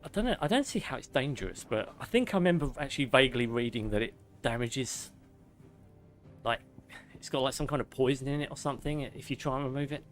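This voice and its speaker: A young man streaming a game, reading lore slowly and drawn-out, with joking banter in between. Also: medium pitch, animated. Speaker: gaming streamer.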